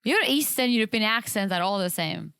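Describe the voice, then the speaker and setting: Woman podcast co-host, smooth clear voice, lively pitch, jokey. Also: a little fast, no room sound. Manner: bubbly, jokey. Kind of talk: casual chat.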